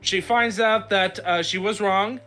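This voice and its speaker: A man hosts a casual podcast, recapping a story in a loose, rambling way full of fillers and restarts. His voice sits a little high and sounds forceful. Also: fairly even intonation, a little slow, faint music behind. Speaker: podcast host.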